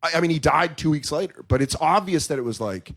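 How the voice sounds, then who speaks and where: A man's voice: fairly high pitch, quick pace. A man in his thirties, a comedian talking candidly in a podcast conversation, telling stories with lots of swearing and acted-out quotes. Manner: profane, animated storytelling with quoted voices. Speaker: comedian guest.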